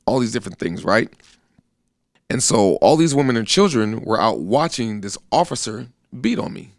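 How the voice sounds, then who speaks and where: A man's voice: medium pitch, very animated, moderate pace, no room sound, clean studio sound. A man in his thirties, an army veteran, earnestly recounting a personal account in plain conversational speech. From United States. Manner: earnest, plainspoken, acts out quoted voices. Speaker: guest telling his story.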